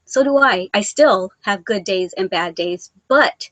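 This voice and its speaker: A woman's voice: medium pitch, animated, a little slow, a bit bright, no echo, rough recording. Woman vlogger, Mexican-born, mid-range voice, rambling and sentimental, dry close recording. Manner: rambling, sentimental, self-deprecating. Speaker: vlogger reading viewer comments. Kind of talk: casual live-stream chat.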